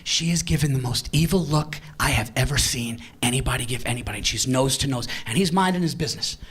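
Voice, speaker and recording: A man doing a stand-up comedy set in a live venue, brash and profane, shouting his punchlines. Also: medium pitch, quick pace, husky.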